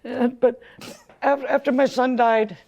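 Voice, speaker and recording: A woman testifying as plaintiff in court, speaking haltingly and pleading. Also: sits high, steady tone, darkish tone, dull audio.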